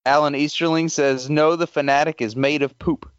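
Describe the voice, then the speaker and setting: A man's voice: fairly high pitch, steady tone, moderate pace, smooth, no echo, muffled recording. A man hosting a podcast, reading listener feedback and often laughing as he reads. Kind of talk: casual chat.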